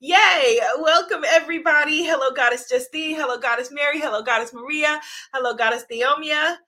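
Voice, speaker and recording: Bubbly bright-voiced woman hosting a live stream. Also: sits high, fairly quick. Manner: effusive, greets viewers by name, laughs often. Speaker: host of a live stream, oracle deck author. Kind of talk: enthusiastic live-stream chat.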